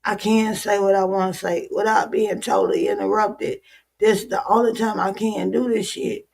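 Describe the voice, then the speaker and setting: A woman's voice: medium pitch, fairly even intonation, moderate pace, creaky, darkish tone. A weary woman streamer venting to her viewers in a frustrated, repetitive, profane rant. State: weary, worn out. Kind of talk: emotional livestream rant.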